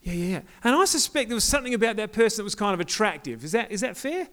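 A man's voice: sits high, big pitch swings, racing, a bit bright. A young man giving a casual, joking sermon to a youth group, often asking the crowd questions.

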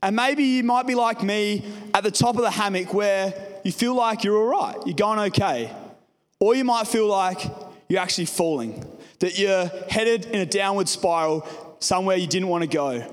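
A man's voice: sits high, moderate pace. A young man preaching a sermon to his congregation, telling a personal story in a casual way. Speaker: pastor. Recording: reverberant hall.

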